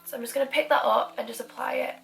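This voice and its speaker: A young woman talks through a makeup tutorial in her bedroom. Her voice sits a little high, with soft music playing behind. She is chatty and giggly and pokes fun at herself. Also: steady tone, fast talker, vocal fry. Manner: chatty, giggly, self-deprecating. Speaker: beauty vlogger.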